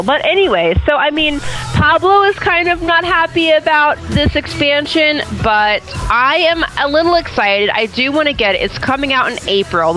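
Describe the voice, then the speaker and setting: A woman's voice: sits high, lively intonation, normal speed, few pauses, music in the background, rough recording. A woman with a slight lisp, co-hosting a podcast in rambling, casual chat. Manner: chatty, rambling, with restarts and giggles. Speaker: podcast co-host.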